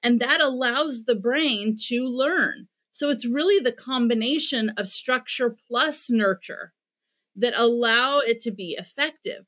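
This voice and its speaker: A woman's voice: fairly high pitch, a little slow, a bit bright. Earnest American woman explaining parenting. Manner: earnest, explanatory, acts out quoted dialogue. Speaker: parenting expert guest. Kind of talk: podcast interview, explaining advice.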